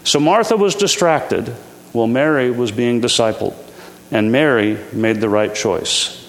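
A man preaching a sermon in a measured, earnest way, slowing down to stress key lines. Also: medium pitch. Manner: measured, earnest preaching with slow emphatic endings. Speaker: pastor. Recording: long hall reverb.

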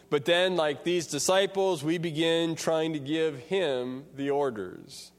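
A man preaching a sermon, explaining a scripture passage slowly and deliberately. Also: on the high side. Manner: slow, deliberate expository preaching. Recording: long reverb of a large hall.

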